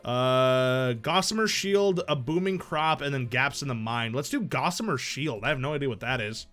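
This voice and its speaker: A man's voice: medium pitch, animated, moderate pace, fairly bright tone, soft background music. A man streaming a game live, thinking aloud in casual, profane chat.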